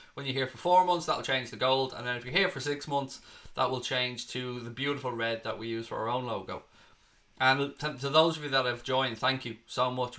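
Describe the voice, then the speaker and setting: With a mid-range voice that sounds pushed and bright, an Irish live streamer keeps things casual during a watchalong. He reads comments from viewers aloud, answers them, and swears now and then.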